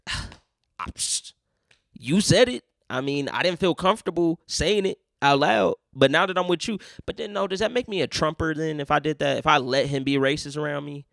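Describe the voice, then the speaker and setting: Young man, profane casual storytelling, slightly high voice, dry close sound. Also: brisk, gravelly, hardly any pauses, dry recording. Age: young adult. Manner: profane, animated, acts out other people in quotes. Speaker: podcast host.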